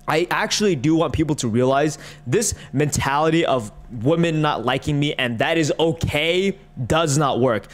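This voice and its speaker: A man ranting in reaction commentary, profane, exasperated and mocking. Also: medium pitch. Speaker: online commentator.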